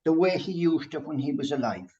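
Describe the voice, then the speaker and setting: A man from Ireland, a medium, telling an anecdote in a chatty, lively way and laughing often. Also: fairly high pitch, a little fast, highs cut off. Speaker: medium sharing a story.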